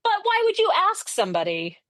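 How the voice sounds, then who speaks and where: Wry woman podcast co-host, slightly high, close dry recording. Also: huge pitch swings, a little fast, no room sound. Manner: wry, plot-summarizing. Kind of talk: casual comedy podcast chat.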